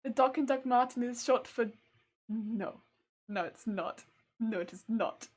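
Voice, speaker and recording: A young woman chatting casually on a crafting live stream, telling stories in an animated way and answering chat. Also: a little high, measured pace, husky. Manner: chatty, animated storytelling, reads chat aloud.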